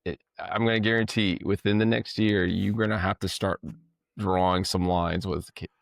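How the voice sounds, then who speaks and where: Casting note: a deep, gravelly man co-hosting a podcast, rambling and laughing, dry sound. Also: fairly even intonation, moderate pace, dry recording. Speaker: podcast co-host. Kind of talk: casual chat.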